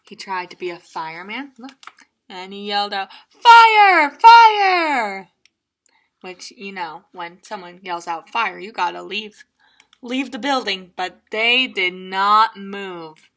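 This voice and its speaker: A children's librarian reading a picture book aloud, playful and animated, with laughing asides. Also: female voice, medium pitch.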